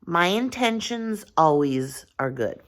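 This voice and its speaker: Slow, rambling woman vlogger. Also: fairly low pitch, animated. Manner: rambling, earnest, thinking aloud; frequent restarts and filler phrases. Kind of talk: casual talk to camera.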